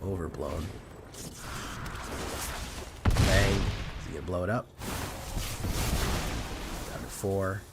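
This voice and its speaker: Sick hoarse guy streaming a card game, really deep voice, jokey, laid back. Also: slow, pauses often, heavy background noise. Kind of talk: casual gameplay commentary.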